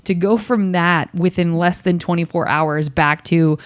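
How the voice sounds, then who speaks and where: A woman hosting a podcast in casual chat, laughing often and asking quick questions. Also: lowish voice, steady tone, dry recording. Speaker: podcast host.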